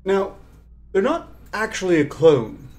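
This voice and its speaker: A speaker asking formal, deadpan questions with hesitant fillers. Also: mid-range voice, measured pace. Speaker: co-host interviewing the storyteller.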